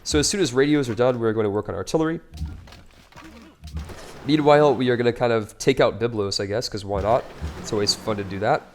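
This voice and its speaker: A man's voice: medium pitch, fairly quick, pauses often, a little hiss or hum. A man casually commenting on his own strategy game playthrough, upbeat and chatty with wry, joking asides. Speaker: let's play host.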